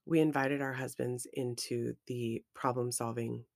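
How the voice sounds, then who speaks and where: A woman co-hosting a podcast, talking in a casual, emotional and expressive way about a friendship. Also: rumbling low, measured pace, vocal fry, dry recording, studio quality. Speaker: podcast co-host. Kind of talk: casual chat.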